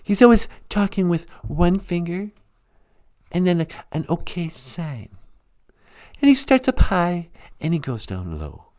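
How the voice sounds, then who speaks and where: A woman's voice: fairly low pitch, a little slow. A woman hosting a live stream, chatting casually and giggling often. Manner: giggly and animated, laughing often. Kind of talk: casual chat.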